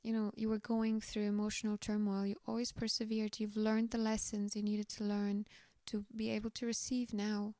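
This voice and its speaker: A woman with a slightly tired voice giving a gentle, reassuring pick-a-card tarot reading, often dropping to a whisper. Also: mid-range voice, completely flat delivery, moderate pace, hardly any pauses, no echo.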